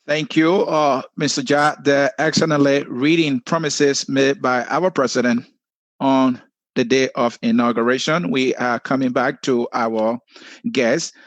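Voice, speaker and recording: A Liberian man hosts a political talk show in a formal, measured way, laying his points out one by one. His mid-pitched voice sounds dry and close to the mic. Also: fairly even intonation, no room sound, highs cut off.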